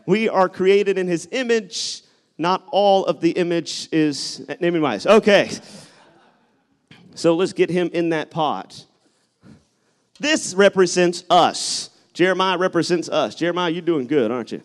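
A man preaching a sermon, telling stories and rising into loud exhortation. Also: high voice, unhurried. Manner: animated, shifts between storytelling and loud exhortation. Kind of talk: sermon with live object lesson.

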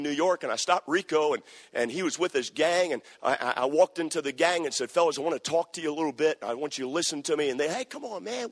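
A male pastor preaching to his church with a husky, slightly higher voice. He moves between quiet confiding stretches and loud shouted passages. The sound rings with the long reverb of a church hall. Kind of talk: sermon.

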